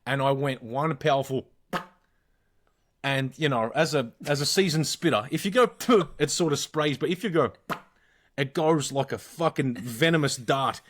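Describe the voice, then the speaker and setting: A man's voice: medium pitch, moderate pace, slight background noise. A man with an Australian accent, co-hosting a podcast and telling rambling, profane anecdotes in casual chat. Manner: swears freely, animated anecdotes. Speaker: podcast co-host.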